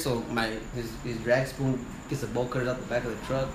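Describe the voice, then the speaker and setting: A man who works as a wildland firefighter and sawyer, telling a story in casual conversation. He is animated and profane, and he acts out the voices of the people he quotes. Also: medium pitch, moderate pace. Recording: roomy with faint noise.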